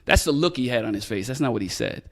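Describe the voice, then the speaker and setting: Talking fast in a gravelly mid-range voice, a middle-aged man who retired as a police detective recounts a story as a podcast guest. He's casual and profane, performing the dialogue with lively energy.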